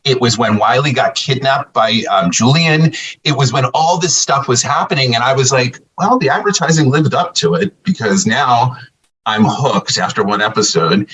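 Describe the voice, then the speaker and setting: A man's voice: medium pitch, slightly rough, poor audio. A middle-aged man, a podcast guest telling a casual story and acting out the back-and-forth of conversations. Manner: animated storyteller acting out quoted exchanges.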